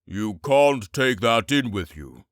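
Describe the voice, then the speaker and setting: A man narrating an audiobook voices a huge stony-faced male doorman, speaking slowly and curtly. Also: medium pitch, no room sound, studio quality, pitched above the performer's own voice. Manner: slow, curt, flat.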